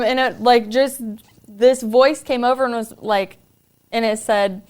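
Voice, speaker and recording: Smooth, fairly high-voiced woman host. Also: fairly even intonation, measured pace. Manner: earnest, confiding, spiritual. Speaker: podcast host. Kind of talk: candid personal storytelling.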